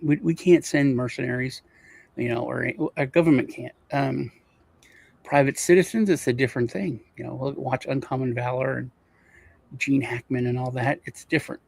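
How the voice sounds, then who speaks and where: A man's voice: mid-range voice, steady tone, normal speed, gravelly, darkish tone, no room sound. A man from Europe co-hosting a casual chat, rambling and repeating words as he restarts his sentences. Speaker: co-host.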